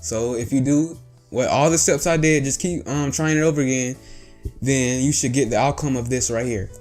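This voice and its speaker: A man talking casually as he teaches a voice trick. He goes step by step, repeats himself and fills pauses with ums. His pitch sits in an ordinary middle range. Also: a little mellow, faint music behind. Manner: chatty, repetitive, explains step by step with fillers. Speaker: voice tutorial host. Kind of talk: casual instructional talk.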